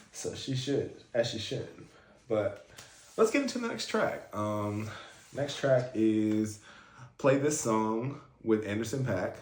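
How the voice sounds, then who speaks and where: A man's voice: lowish voice, mellow, slight background noise. A man hosting a casual album reaction, talking in a chatty, fan-like way with lots of fillers. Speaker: music reaction host. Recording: roomy echo, faint music.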